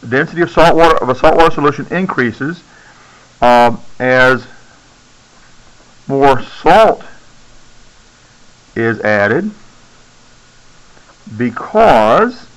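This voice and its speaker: A man's voice: medium pitch, lively intonation, slow, pauses often, a bit bright, poor audio. A male science teacher lecturing a classroom, keeps checking in with "okay?" and coaxing students to speak up.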